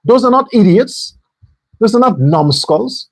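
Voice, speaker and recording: A man's voice: high-pitched, expressive, moderate pace, a little mellow, slightly rough, no echo, rough recording. A man delivering an angry, profane political commentary rant as a show host. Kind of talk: heated political commentary monologue.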